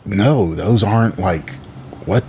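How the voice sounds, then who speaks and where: A man with a fairly low voice rambles through a casual podcast chat. He stops and restarts his sentences often. A faint hum sits under the talk. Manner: halting, with many restarts. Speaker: podcast co-host.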